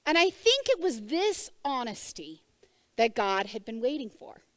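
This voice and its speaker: Woman preacher, high voice, dry close sound, chatty sermon style that asks the room questions. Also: very animated, unhurried, fairly bright tone, no echo. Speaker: church speaker. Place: church service before a congregation.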